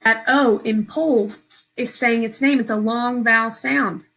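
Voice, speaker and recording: Slow patient woman teaching phonics. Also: on the high side, fairly even intonation, fairly bright tone, poor audio. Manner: slow, patient, step-by-step instruction. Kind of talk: remote phonics lesson for young children. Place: home.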